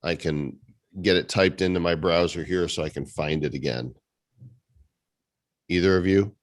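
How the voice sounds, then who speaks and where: A man's voice: low voice, moderate pace, no echo. A man hosting a casual community meeting over a video call, teasing his co-hosts with sarcastic jokes. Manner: joking, teasing, sarcastic banter. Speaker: host.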